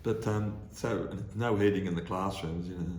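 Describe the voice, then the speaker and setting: A man's voice: low-pitched, normal speed, echoey room, slight background noise. An older Australian man, a podcast guest, telling stories casually and acting out the people in them. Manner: animated storyteller, acts out voices. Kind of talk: casual storytelling.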